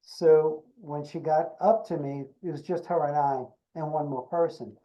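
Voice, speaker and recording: An older man, an actor being interviewed, tells an anecdote with animated delivery and acts out the dialogue. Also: fairly high pitch, measured pace, low-quality recording. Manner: animated storyteller acting out quoted dialogue. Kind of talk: storytelling anecdote.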